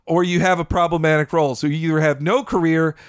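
A man co-hosting a podcast in a casual discussion of a film, animated and swearing freely. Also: a little high, fast talker, dry recording, studio quality. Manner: animated, swears freely, acts out quoted voices. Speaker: podcast co-host.

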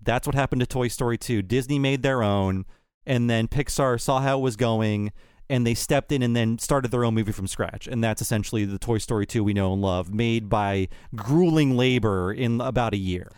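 A man's voice: medium pitch, normal speed, a little mellow, smooth, no room sound. A man co-hosting a podcast, recounting studio history in a casual, conversational way. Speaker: podcast co-host. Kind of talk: casual chat.

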